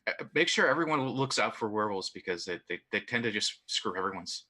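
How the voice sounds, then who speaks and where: A man voicing a calm male adventurer who soothes and hesitates as he plays the go-between. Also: on the low side, brisk, pitched below the performer's own voice. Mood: placating.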